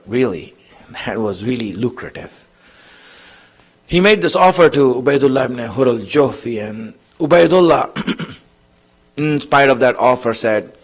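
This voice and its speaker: A male preacher giving a Muharram sermon, telling a story and voicing the people in it, and growing emotional as he goes on. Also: mid-range voice. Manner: grows emotional and louder as he goes on.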